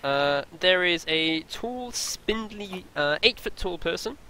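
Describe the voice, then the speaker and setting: A man narrating a tabletop game as game master, pausing and filling gaps as he describes each scene. His voice is bright and a little high. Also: lively intonation, slight background noise, rough recording. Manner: halting, with many fillers.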